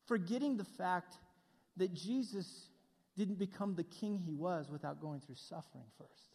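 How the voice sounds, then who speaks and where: A man's voice: high voice, measured pace, gravelly, a little mellow, breathy edge, long reverb tail. A middle-aged male pastor preaching a sermon in a conversational way, with asides to the congregation.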